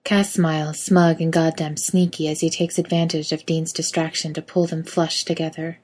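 A woman narrating a fan fiction story in a steady, intimate reading voice. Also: low voice, normal speed, husky.

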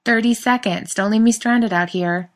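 Storybook role: woman reading a crude, joking young guy, quick and cocky. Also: a little high, pitched above the performer's own voice, lightly acted. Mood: mocking. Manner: crude, mocking, wisecracking. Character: brash joking young man.

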